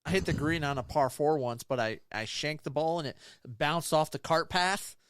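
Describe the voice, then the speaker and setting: A man's voice: a little high, normal speed, a bit bright, clean tone, dry recording. A man co-hosting a casual chat, easygoing and chiming in with short replies and stories. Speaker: podcast co-host.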